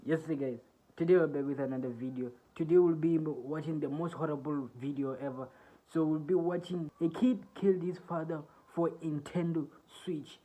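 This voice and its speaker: A man's voice: on the high side, fairly even intonation, normal speed, mellow, rough recording. Slangy young man hosting a reaction video. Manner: laid-back slangy talk, frequent "bro" and "you feel what I'm saying". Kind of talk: casual reaction commentary.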